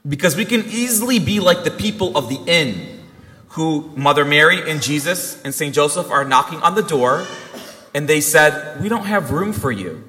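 A man's voice: a little high, moderate pace, pushed and bright. A young man, a priest, giving an earnest Christmas sermon and telling a family story with quoted dialogue. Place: church. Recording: long reverb of a church hall.

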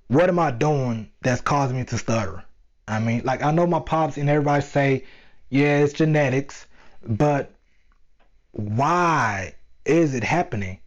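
A young man telling his own story in a casual, animated way, using slang and talking straight to his listeners. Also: medium pitch. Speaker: vlogger. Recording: dull lo-fi sound.

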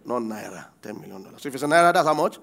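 A man preaching a sermon, reading verses and breaking off to quiz the congregation, acting out the quoted lines with sudden shouts. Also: medium pitch, expressive, racing, vocal fry. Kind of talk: sermon with call-and-response.

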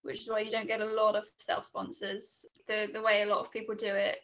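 A woman's voice: mid-range voice, monotone, fairly quick, a bit bright. A young woman, chatting casually about her work in air traffic control, with many fillers and restarts. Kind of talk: casual interview chat.

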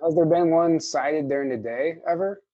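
A man hosting a casual interview, relaxed and curious as he asks follow-up questions. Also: a little high, normal speed, no room sound. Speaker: host. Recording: dull, dry lo-fi sound.

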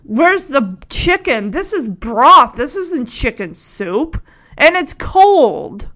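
A woman's voice: high-pitched, animated, takes it slowly, a bit bright, exaggerated voice. A woman briefly voicing a grumpy, stubborn old grandfather who complains about everything. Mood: grouchy. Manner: gruff, complaining.

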